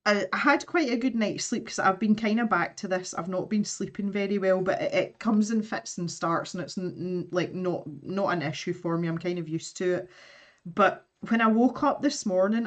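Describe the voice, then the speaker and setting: A Scottish woman chatting easily on her art live stream as she draws. She laughs a lot and greets viewers as they arrive, and her voice sits at an ordinary middle pitch. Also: normal speed. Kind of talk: casual chat while drawing on a live stream.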